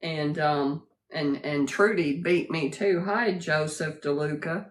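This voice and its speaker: A woman's voice: deep voice, fairly even intonation, slow pace. A woman hosting a casual livestream, greeting viewers by name and laughing often as she chats. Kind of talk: casual live chat.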